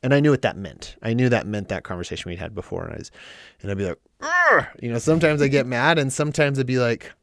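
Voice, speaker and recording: A man's voice: mid-range voice, fast talker, creaky, dry recording, studio quality. A man in casual talk about relationships, candid and self-deprecating about his own habits. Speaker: co-host.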